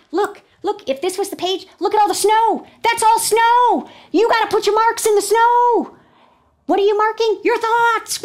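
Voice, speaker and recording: A woman teacher talking to students in a classroom lesson, lively and expressive, sometimes dropping to a whisper. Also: on the high side. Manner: animated, drops to a whisper for the thinking voice.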